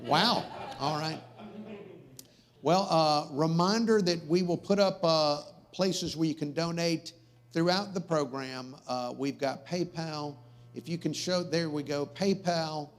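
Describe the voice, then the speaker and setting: A man delivers a comedic talk show monologue. He rambles and cracks jokes, and his voice sits fairly high for a man. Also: takes it slowly. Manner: rambling, wisecracking, easily sidetracked.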